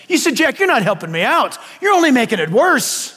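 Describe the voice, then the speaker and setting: An older man preaching to a congregation, with an unusually high voice for a man. He asks the room questions and drops homey asides between points. His voice rings out in a large hall with a long reverb tail. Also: sing-song, moderate pace, few pauses, sharp tone. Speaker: pastor. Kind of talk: sermon.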